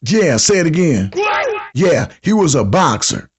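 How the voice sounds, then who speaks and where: A man's voice: a little high, very animated, measured pace, slight background noise. A man in his fifties hosting a casual call-in podcast, telling stories in heavy slang and acting out the people he quotes. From United States. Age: 50s. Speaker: podcast host.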